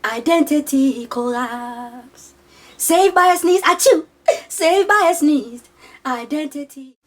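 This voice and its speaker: A woman doing a mock movie-trailer announcement in a slow, drawn-out dramatic manner. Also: sits high, expressive, voice pushed up.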